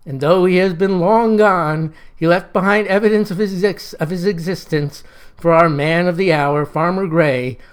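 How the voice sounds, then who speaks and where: A man's voice: high-pitched, clear, resonant tone, close to an everyday voice. A man doing a pompous, speechifying professor. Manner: grandiose, formal, speechifying. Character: pompous, formal male college professor.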